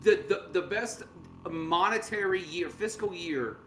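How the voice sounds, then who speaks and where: A man's voice: high-pitched, a little slow. A man co-hosting a sports podcast, ranting sarcastically in casual banter. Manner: sarcastic, mocking, does exaggerated voices. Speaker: podcast co-host. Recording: roomy with faint background noise.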